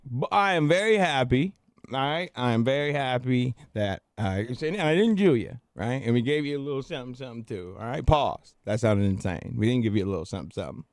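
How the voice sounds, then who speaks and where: A man's voice: mid-range voice, no room sound, studio quality. A man hosting a livestream who argues in a casual, heated way and keeps repeating and quoting what the other person said. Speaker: livestream host.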